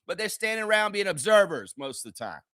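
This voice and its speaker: A man's voice: high voice, very animated, fast talker, pushed and bright, no echo, studio quality. A man hosting a live basketball reaction show, ranting heatedly and profanely at the players. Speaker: sports reaction host.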